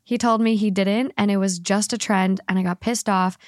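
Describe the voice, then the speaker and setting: A woman hosting a podcast, reading a story aloud in a lively voice and laughing often. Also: medium pitch, dry recording, studio quality. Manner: animated, laughs often, reads quickly. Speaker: podcast host.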